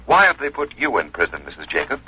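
A radio reporter in an old radio drama, questioning in a calm, measured way at a middle pitch. Clear hiss runs under a dull, muffled broadcast sound. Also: male voice. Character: on-the-scene radio reporter interviewing a prisoner. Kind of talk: 1950s radio drama acting.

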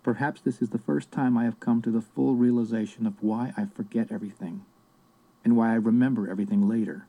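A man narrating a book in the first person in a measured, reflective way. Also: medium pitch, steady tone, dark tone, rough recording. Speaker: audiobook narrator.

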